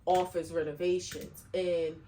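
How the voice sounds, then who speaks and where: A woman co-hosting a podcast, speaking gently and supportively to her partner, a little halting. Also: on the low side, little pitch movement, a little hiss or hum. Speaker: podcast co-host. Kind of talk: casual chat.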